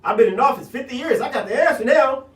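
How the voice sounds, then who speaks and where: A man from South Central Los Angeles, a radio show host and political candidate, rants bluntly in slang with a Los Angeles accent in an animated monologue. His voice is very high-pitched, expressive, and fast, recorded roughly from a distance with lots of reverb.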